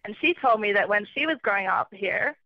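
A woman's voice: mid-range voice, fairly quick, no echo. Chatty woman on a dull phone line. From Australia. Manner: chatty, laughs often, relaxed and self-mocking. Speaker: travelling correspondent. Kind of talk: casual radio chat. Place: calling in from far away.

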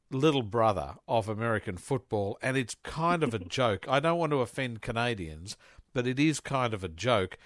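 A man's voice: mid-range voice, dry recording. Jovial male radio host, dry studio sound. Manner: jovial, teasing, asks lively questions. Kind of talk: casual radio interview.

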